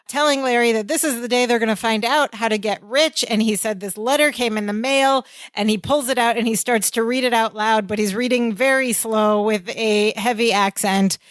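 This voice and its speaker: A woman's voice: fairly high pitch, no echo. A woman co-hosting a podcast in casual chat, retelling a sitcom plot step by step and acting out the characters' lines. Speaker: podcast co-host.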